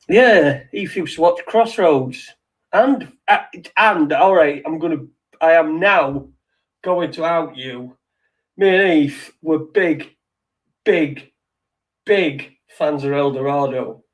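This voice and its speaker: A middle-aged man hosts a loose late-night chat, rambling and cursing with a wry edge. His voice sits fairly high for a man. He is picked up from some distance off the mic. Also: slow pace. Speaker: podcast host.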